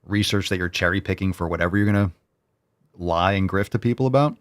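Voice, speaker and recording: A man's voice: sits low, quick pace. A man hosting a solo commentary show, ranting in a heated, sarcastic, profane way and repeating phrases for emphasis. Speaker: podcast host.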